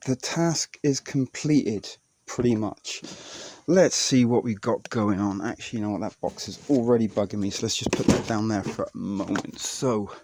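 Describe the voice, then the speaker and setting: A man's voice: on the low side, normal speed, darkish tone, slight background noise. A man vlogger talking casually and rambling off the cuff at home, with some mild swearing. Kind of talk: casual vlog narration. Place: small indoor home space.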